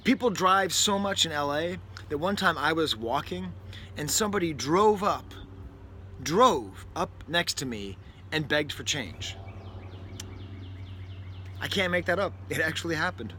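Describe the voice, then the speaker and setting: A man's voice: fairly high pitch, expressive, measured pace, long pauses, bright, forceful tone. A man from New England hosting a casual record review, talking in a rambling, wry way with lots of self-interruptions and asides. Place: indoors near a window, with a bird outside. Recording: faint background noise.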